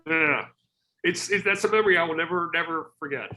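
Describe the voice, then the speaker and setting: A man's voice: on the high side, fairly quick, bright, forceful tone, soft background music. A man talking casually as a guest over a video call, hesitant, with many restarts and fillers, earnest in tone. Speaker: podcast guest.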